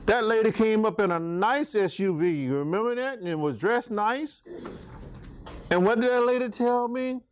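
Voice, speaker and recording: A middle-aged male preacher leads a Bible study in an animated storytelling way, talking back and forth with the people in front of him. His voice sits a little high for a man and swings up and down a great deal. A soft hiss lies faintly under the recording. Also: normal speed. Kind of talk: interactive Bible study sermon.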